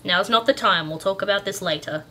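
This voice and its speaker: A woman's voice: mid-range voice, fairly quick, a bit bright, slight background noise, lightly acted. An Australian woman voicing a stern but kindly tall male caretaker, mildly exasperated and scolding.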